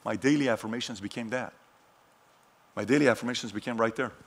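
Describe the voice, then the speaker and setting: A middle-aged man telling personal stories in a motivational talk, swinging from hushed lines to shouted ones. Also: medium pitch, fast talker, vocal fry, breathy edge. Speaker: keynote speaker.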